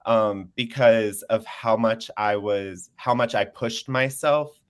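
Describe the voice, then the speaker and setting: A man's voice: fairly low pitch, fairly even intonation, slow pace. A man in his twenties, a panel guest sharing his story in casual chat over a video call, earnest and open, laughing easily. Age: 20s.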